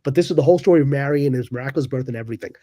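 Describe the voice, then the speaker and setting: A man's voice: mid-range voice, rapid-fire, dry recording, studio quality. A man telling a story dramatically as a podcast guest, acting out the people he quotes. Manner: lively, dramatic, voices quoted characters. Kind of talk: animated storytelling in a panel discussion.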